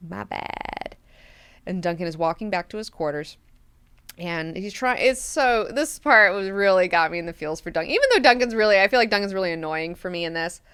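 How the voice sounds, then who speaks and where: A woman hosting a book club, recapping chapters in a chatty, animated style full of filler words. Her voice is smooth and clear at a middle pitch. The sound is dry and close to the mic. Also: a little fast, dry recording.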